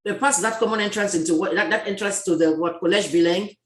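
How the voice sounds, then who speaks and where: A woman hosting a talk show in a casual video chat, lively and full of restarts and repeated words. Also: medium pitch, fast talker, roomy sound. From Cameroon. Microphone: video call.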